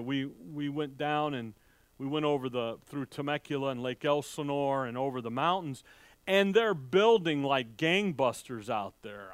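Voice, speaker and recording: A man preaching verse by verse in a conversational way, reading old scripture slowly and acting out the crowd's reactions in a raised voice, with halting restarts. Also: clear, resonant tone, dry recording. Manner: conversational, acts out the townspeople's voices with rising pitch. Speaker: pastor. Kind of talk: sermon, verse-by-verse Bible teaching.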